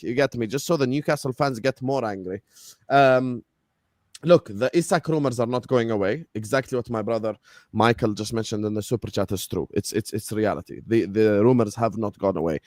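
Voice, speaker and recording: A man's voice: medium pitch, no room sound. Give me a laid-back man hosting a casual chat, dry and close. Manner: laid-back British slang, filler-heavy. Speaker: host.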